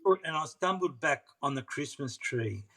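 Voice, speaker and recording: A middle-aged man, appearing as an interview guest, earnestly and persistently tells a personal story, often repeating phrases. His voice is a little high, pushed and bright, with lively intonation at a normal speed.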